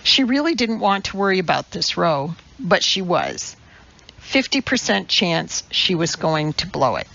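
Slow gravelly woman narrator. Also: fairly low pitch, wildly swooping pitch, fairly bright tone. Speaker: audiobook narrator. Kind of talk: scripted narration. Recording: dull lo-fi recording.

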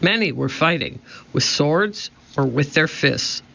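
Male audiobook narrator, slow and gravelly, lo-fi recording. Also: fairly high pitch, lively intonation, bright, forceful tone. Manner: slow, measured reading. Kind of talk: scripted storybook narration. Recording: dull lo-fi recording.

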